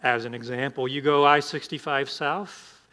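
A man's voice: mid-range voice, steady tone, normal speed, pushed and bright. A man pastor preaching an emphatic sermon, asking the congregation rhetorical questions.

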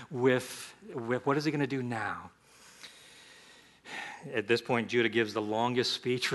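A man preaching a sermon with a bright, ringing voice. He is animated and leaps up in pitch and volume to act out the scripture. Then he drops back to plain teaching. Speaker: pastor.

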